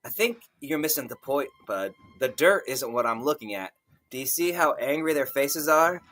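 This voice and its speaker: A man, an author co-hosting a podcast, narrating an improvised story in first person in a measured, wry way. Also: medium pitch, animated, fairly bright tone.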